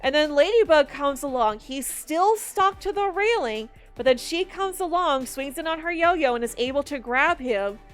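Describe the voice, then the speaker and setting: A woman giving casual movie commentary in an animated, exasperated, rambling way. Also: high-pitched, moderate pace, few pauses, faint music behind. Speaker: video commentator.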